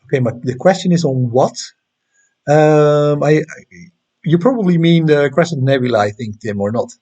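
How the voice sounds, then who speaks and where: A man's voice: on the high side, moderate pace, warm tone, muffled recording. A man with a Dutch accent hosting a casual astronomy livestream, chatting loosely with viewers and reading out their comments, with frequent fillers. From Netherlands. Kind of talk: casual live-stream chat.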